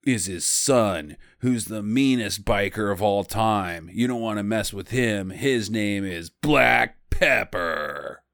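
A man voicing a wary male bartender from a film, speaking slowly and ominously in a hushed, gruff voice. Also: on the low side, dry recording, clean studio sound, voice pushed down, exaggerated voice.

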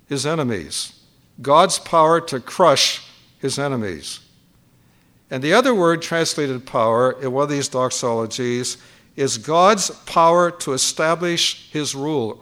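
A man's voice: a little high, fairly bright tone. An older man preaching at a conference, teaching point by point and repeating key phrases for emphasis. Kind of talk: sermon.

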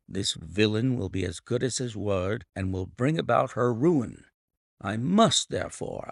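A man voicing a calm, confident male detective who speaks in a measured, self-assured way. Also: on the low side, vocal fry, no echo, studio quality, heavily acted. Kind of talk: audiobook reading.

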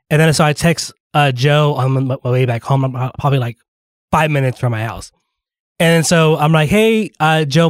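A radio co-host with a slightly high voice tells a rambling story in casual chat, filled with fillers and restarts. His retainers give him a slight lisp, and the recording is dry and studio quality.

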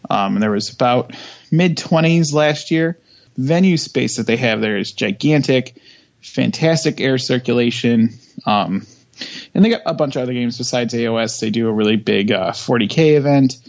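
A man co-hosting a podcast, talking casually and modestly with lots of ums and pauses. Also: mid-range voice, creaky, highs cut off. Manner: hesitant, filler-heavy, modest. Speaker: podcast co-host. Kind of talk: casual chat.

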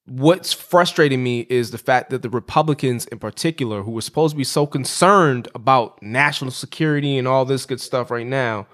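A man in the middle of a casual podcast rant. He rambles and stumbles over repeated words as he builds his point, and his tone turns sarcastic. His voice sits at an ordinary middle pitch. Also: fairly quick, hardly any pauses, a bit bright. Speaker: podcast co-host. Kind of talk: casual chat and political rant.

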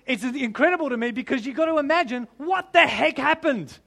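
A man preaching a sermon, animated and humorous, often laughing and piling up rhetorical questions. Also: very high voice, fairly quick, creaky.

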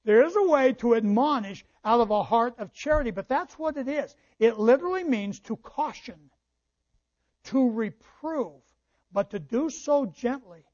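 A man's voice: very high-pitched, animated, a little slow, darkish tone. A male pastor preaching a sermon, reading scripture aloud and explaining it to his congregation. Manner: preaching with quoted scripture and asides. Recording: dull lo-fi church recording.

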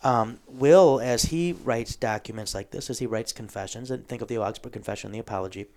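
Man explaining, clearing his throat often. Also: mid-range voice, fairly quick, mellow. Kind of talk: casual theological discussion.

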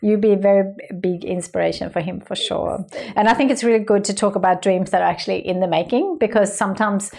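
A woman hosting a podcast, asking questions in an encouraging, gentle way with slightly loose grammar. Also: medium pitch, fast, vocal fry, husky. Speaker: podcast host. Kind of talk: interviewing.

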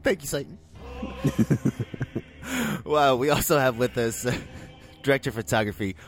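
A man hosting a movie podcast in relaxed casual chat, introducing the crew and laughing along. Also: mid-range voice, normal speed, faint music behind. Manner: easygoing, laughs. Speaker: podcast host.

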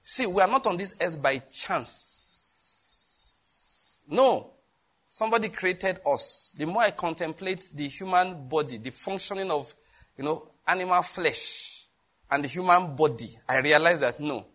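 A man delivering a sermon in a husky, somewhat high voice. He preaches in a lively way, laughing often and throwing questions out to his listeners. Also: unhurried. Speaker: pastor.

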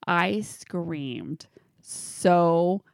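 A middle-aged woman tells a story in casual conversation, acting out the other voices and swearing freely. Her voice sits a little low and is recorded dry and close. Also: expressive, very slow, gravelly, no echo. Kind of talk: casual chat.

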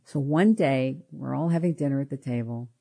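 A middle-aged woman hosting a show, telling personal stories in an animated way, often laughing and repeating her words. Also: extremely low pitch, moderate pace, gravelly. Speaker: podcast host. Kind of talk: personal storytelling.

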